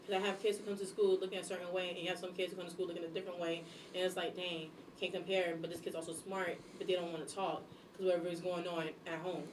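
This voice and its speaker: A young woman talks fast and bluntly, with lots of energy. She sits back from the microphone in an echoey room. A faint room hum runs underneath. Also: fairly low pitch, recorded from a distance. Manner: blunt, animated, acts out scolding voices. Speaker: guest, substitute teacher and airport worker. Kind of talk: casual podcast chat.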